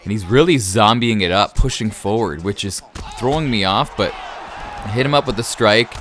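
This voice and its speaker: A man's voice: on the low side, moderate pace, fairly bright tone, slight background noise. Laid-back man giving fight game commentary. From Canada. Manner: laid-back, laughs often, says "man" a lot. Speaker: gaming YouTuber. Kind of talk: casual gameplay commentary.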